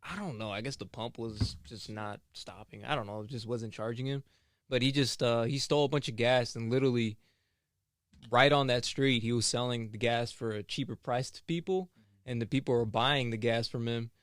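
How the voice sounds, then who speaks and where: A man's voice: medium pitch, normal speed, dry recording, studio quality. A young man in casual chat, telling an anecdote in a laid-back, slangy way.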